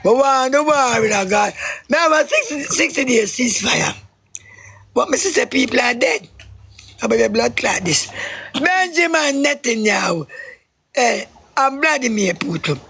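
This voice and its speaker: A Jamaican man on a live stream, rambling and swinging between shouting and crying. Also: very high voice, animated, moderate pace, gravelly, breathy edge. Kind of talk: emotional live stream rant.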